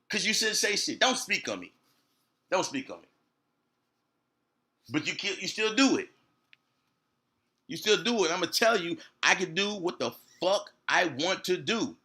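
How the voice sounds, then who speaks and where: A man's voice: fairly high pitch, bright, forceful tone. A man, ranting on a livestream in a profane, confrontational way, repeating himself often. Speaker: streamer. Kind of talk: heated livestream rant.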